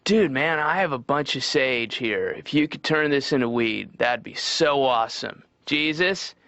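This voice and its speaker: A laid-back stoner dude who drawls slowly and pleads, his pitch rising as he begs, as a man puts him on. The muffled lo-fi cartoon audio dulls it. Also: lively intonation, pushed and bright, dry recording. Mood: pleading.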